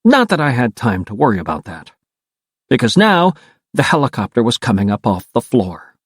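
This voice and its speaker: An animated male audiobook narrator with a wry, playful touch, his pitch jumping and swooping for effect. The reading is dry and close-miked, with no room around it. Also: normal speed, slightly rough, no room sound. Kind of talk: first-person audiobook narration.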